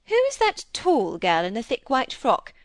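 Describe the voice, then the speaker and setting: A woman voicing a kindly, genteel lady at a grand dinner, polite and gently curious, in a storybook reading. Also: fairly high pitch, wildly swooping pitch, normal speed, dry recording.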